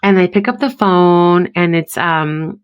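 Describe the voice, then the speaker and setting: A woman's voice: lowish voice, measured pace, clean tone, lo-fi sound. A woman in her thirties co-hosting a podcast, speaking heartfelt and mixing English with Spanish. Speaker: podcast co-host. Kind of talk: casual chat.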